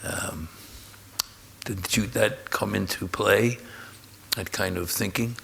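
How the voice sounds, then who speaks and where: Man, onstage interviewer, very deep voice, gravelly, searching, rephrasing. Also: steady tone, slow pace, pushed and bright, slight background noise. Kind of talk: onstage conversation. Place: live talk event in a hall.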